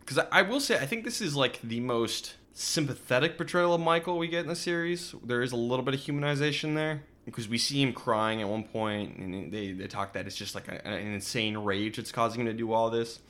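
A man's voice: mid-range voice, a little fast, hardly any pauses, fairly bright tone. A man co-hosting a podcast, casually retelling a movie's plot and acting out characters' lines. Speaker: podcast co-host. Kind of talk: casual movie recap chat.

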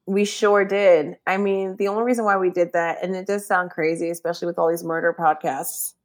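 A woman's voice: lowish voice, fairly even intonation, a little fast. A woman from New Jersey co-hosting a podcast, telling blunt, comic stories and swearing freely. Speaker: podcast co-host. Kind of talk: casual chat.

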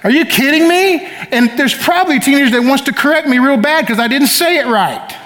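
High-voiced preacher in a reverberant hall. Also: male voice, quick pace, a bit bright. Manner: emphatic, calls for audience responses. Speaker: pastor. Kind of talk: sermon. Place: church sanctuary. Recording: long reverb of a church hall.

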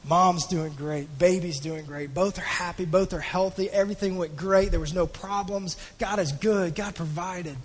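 A man's voice: high-pitched, fairly even intonation, normal speed, few pauses, big-room sound. A man preaching a sermon in a church auditorium, telling a story conversationally and often repeating words as he goes.

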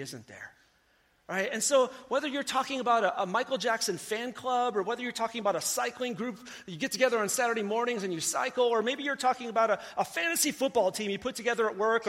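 A man's voice: very high-pitched, fairly bright tone, big-room sound. A man preaching a sermon in a conversational, storytelling way, talking directly to his congregation. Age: adult. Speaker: pastor.

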